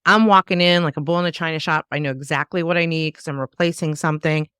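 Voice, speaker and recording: Woman, podcast host, smooth clear voice, dry close sound, animated storyteller. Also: low voice, quick pace, no room sound. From American South. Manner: animated, acts out quoted voices. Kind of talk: casual interview chat.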